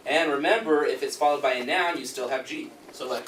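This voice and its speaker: A man's voice: medium pitch, fast, hardly any pauses. A man teaching a language class, patiently explaining and quizzing his students. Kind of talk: classroom correction drill. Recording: echoey classroom, far mic, noisy.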